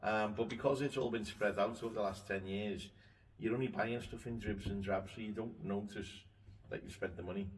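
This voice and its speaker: Low-voiced man telling a story. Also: steady tone, moderate pace. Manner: storytelling, swears casually. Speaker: boat owner and show regular. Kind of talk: casual chat. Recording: distant mic with faint noise.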